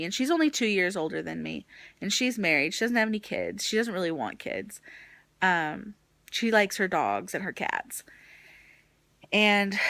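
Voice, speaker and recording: Slow, weary young woman venting. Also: mid-range voice, gravelly, fairly bright tone, no room sound. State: exhausted and nauseous. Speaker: vlogger. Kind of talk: casual chat.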